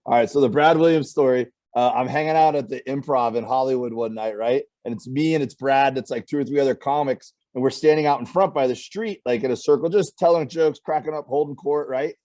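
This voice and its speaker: A man's voice: medium pitch, a little fast, hardly any pauses. A man, a comedian, telling stories in a casual chat and acting out the people in them. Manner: animated storyteller, acts out quoted voices. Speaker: comedian guest. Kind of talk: casual storytelling.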